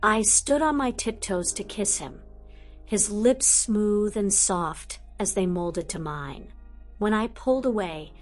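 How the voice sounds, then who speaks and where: A woman narrating a first-person audiobook in a soft, measured way. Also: medium pitch.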